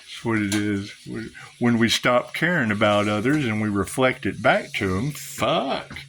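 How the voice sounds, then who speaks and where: A man's voice: lowish voice, lively intonation, unhurried, fairly bright tone, a little hiss or hum. A man rambling to his viewers in a spiritual vlog, sarcastic, swearing and laughing often. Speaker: spiritual vlogger.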